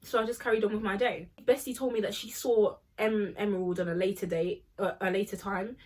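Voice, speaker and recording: Husky young woman telling a story. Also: mid-range voice, brisk. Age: young adult. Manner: animated, acts out quoted people. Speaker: storytime vlogger. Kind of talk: casual storytime.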